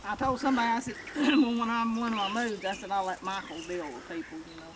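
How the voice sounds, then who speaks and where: A woman's voice: mid-range voice, quick pace, very noisy. An older woman, telling plainspoken stories about her work at a sawmill. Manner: folksy, plainspoken. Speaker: loader operator at sawmill. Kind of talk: casual storytelling.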